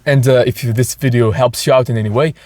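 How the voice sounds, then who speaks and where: A man's voice: medium pitch, fairly even intonation, brisk, a little mellow, no room sound, studio quality. A man hosting a motivational podcast, talking earnestly and enthusiastically, with frequent restarts. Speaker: podcast host.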